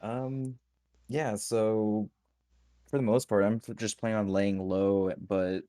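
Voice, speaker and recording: A man playing in a tabletop game, relaxed and casual, laughing often. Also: fairly low pitch, slow, no room sound, clean studio sound. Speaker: player.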